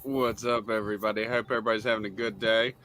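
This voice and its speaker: A man playing a friendly male TV neighbor who stays hidden behind the fence, speaking low and hushed. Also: little pitch movement, fast talker. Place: video call podcast.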